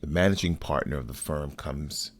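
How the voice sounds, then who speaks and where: A man and podcast host recounting a personal story in a measured, deliberate way, cursing bluntly at times. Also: rumbling low.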